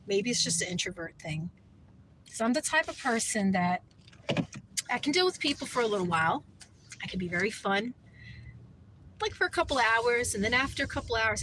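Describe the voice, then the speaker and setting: A woman vlogger with a medium-pitched voice chats casually and rambles, filling her talk with "you know" and "like." There's noise in the background.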